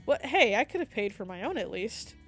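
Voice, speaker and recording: A woman's voice: a little high, very animated, brisk, a bit bright, soft background music. A woman voicing a wry, playful young heroine. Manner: playful and sarcastic.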